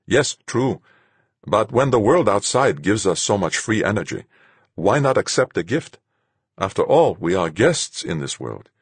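A man's voice: on the low side, very animated, measured pace, husky, no room sound, voice pushed up, full character voice. A cheerful, eager young crewman, earnest and grateful in tone, as a male narrator puts him on. The voice is lifted above the narrator's own, with a slight huskiness. It sounds close and dry.

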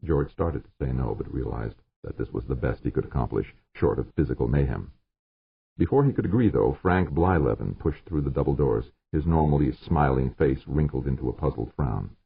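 A man narrates an audiobook in an extremely deep, gravelly voice with a lively lilt. The recording is thin and phone-like, with a rough, husky edge. It sounds completely dry. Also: moderate pace, no room sound. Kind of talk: scripted narration.

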